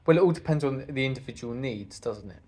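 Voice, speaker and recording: A man's voice: mid-range voice, animated, fast, darkish tone. A man giving an earnest sermon talk to a congregation, speaking conversationally and asking the listeners rhetorical questions.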